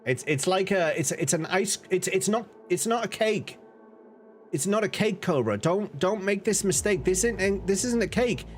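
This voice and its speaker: A man's voice: sits high, lively intonation, normal speed, faint music behind. Chatty man streaming. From northern England. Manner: chatty, laughs often, reads chat aloud. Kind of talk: casual live-stream chat.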